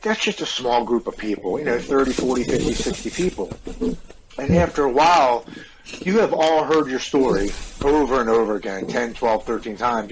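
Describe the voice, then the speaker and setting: A man's voice: on the low side, a little hiss or hum, rough recording. A middle-aged man from the United States, a podcast guest earnestly retelling his story with many restarts. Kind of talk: casual interview storytelling.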